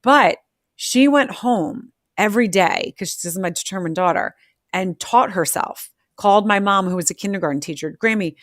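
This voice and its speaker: A middle-aged woman hosting an interview, telling family stories in a lively way and acting out what her children said. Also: medium pitch, moderate pace, no room sound, studio quality. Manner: animated, acts out family quotes. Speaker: podcast host. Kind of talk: conversational interview.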